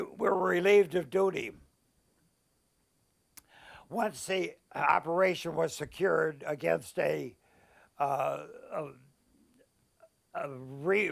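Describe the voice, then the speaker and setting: Gravelly older man, halting. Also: fairly high pitch. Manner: halting, searching for words, emotional. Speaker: war veteran interviewee. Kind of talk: unedited oral history interview.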